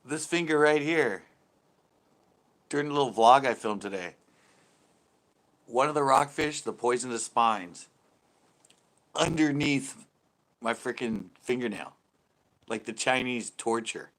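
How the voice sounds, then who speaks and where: A man's voice: mid-range voice, expressive, a little slow, pauses often, fairly bright tone. A middle-aged man hosting a live stream, chatting casually, laughing often and swearing lightly.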